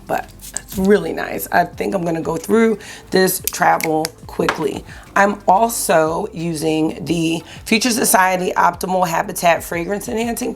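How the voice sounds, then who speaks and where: A woman's voice: on the low side, vocal fry. A woman in her forties, a beauty vlogger, chatting casually while getting ready, with a morning voice and a friendly way of saying "y'all". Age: 40s. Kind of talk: casual get-ready-with-me chat.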